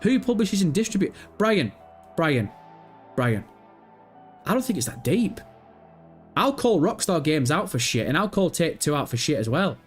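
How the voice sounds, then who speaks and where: Man, young adult, livestream host, sweary teasing chat, fairly high voice, faint music behind. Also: very animated, moderate pace, pauses often, breathy edge. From Britain. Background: faint background music.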